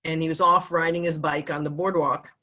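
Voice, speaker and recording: A woman in her fifties giving a heartfelt speech at a club meeting, telling a personal story with pauses and restarts. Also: low-pitched, little pitch movement, pushed and bright. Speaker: foundation speaker at a club meeting.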